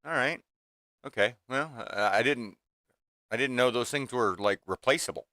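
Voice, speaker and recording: A man's voice: mid-range voice, normal speed, sharp tone, no echo, studio quality. A man in his fifties venting casually to his livestream chat in a rambling way, full of restarts and fillers, from a small home workshop room. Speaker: livestream host.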